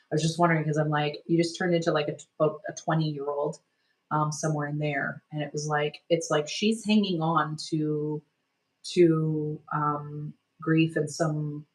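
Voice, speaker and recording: In poor audio, a woman energy healer with a low-pitched voice guides a healing session, soft and soothing, drifting along on frequent "like"s and "sort of"s.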